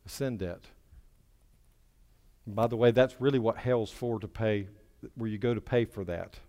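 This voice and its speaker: A male pastor delivering an impassioned sermon in a church, swinging between loud preaching and a hushed, soft voice. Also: on the low side, normal speed. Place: church sanctuary. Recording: long hall reverb with faint music.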